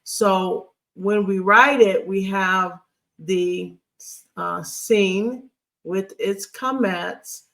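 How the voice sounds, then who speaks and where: A Hebrew grammar teacher talks through a recorded lesson at an unhurried, deliberate pace. The voice is gravelly with a touch of vocal fry. Delivery is halting and patient, pausing often to check in with the listeners. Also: mid-range voice, a bit bright. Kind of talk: recorded online lesson, writing on screen.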